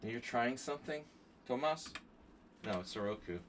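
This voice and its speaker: A man's voice: mid-range voice, animated, moderate pace, slight background noise. A man streaming blitz chess, thinking aloud through his moves and chatting with viewers as he plays. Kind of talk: live stream commentary while playing blitz chess.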